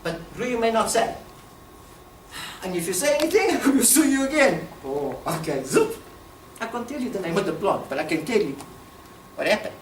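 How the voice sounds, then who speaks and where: Animated woman speaking in a room. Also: on the high side, a little fast, pauses often, a little hiss or hum. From South Africa. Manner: animated, emphatic, laughs often. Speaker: speaker at a talk. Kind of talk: passionate public talk. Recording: echoey room, distant mic, faint ambience.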